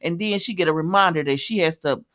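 A woman, recapping a soap opera episode in casual, animated chat that talks straight to listeners and laughs often. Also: lowish voice, fast.

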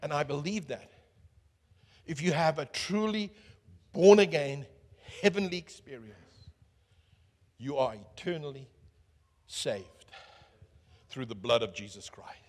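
High-voiced preacher in an echoey hall. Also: male voice, expressive, unhurried, long pauses. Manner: swings from booming to hushed, asks the crowd questions. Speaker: pastor. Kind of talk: sermon. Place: church hall.

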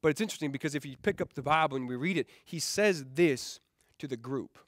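A man's voice: fairly high pitch, quick pace, fairly bright tone, dry recording, clean studio sound. A man preaching a sermon as pastor in a casual, conversational way, often repeating words, asking "right?" and adding jokey asides. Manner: keeps checking in with the crowd with "right?"; joking asides. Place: rented event hall used for church.

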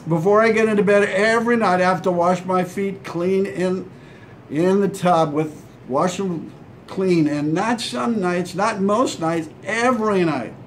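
A man's voice: sits high, unhurried, a little hiss or hum. A man from Hawaii preaching a short devotional sermon in a conversational way, now and then acting out imagined replies. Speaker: pastor.

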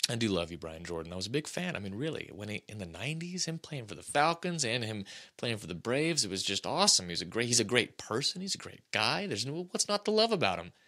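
Animated man rambling about sports. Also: on the low side, quick pace, hardly any pauses. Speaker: podcast host. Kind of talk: casual sports podcast monologue.

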